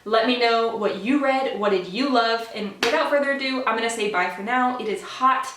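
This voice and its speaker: A woman's voice: fairly high pitch, moderate pace, noisy background. A young woman chatting casually and enthusiastically about books she read, with many ums and gushing praise. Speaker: book vlogger. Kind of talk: casual book wrap-up chat. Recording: echoey room, mic at a distance.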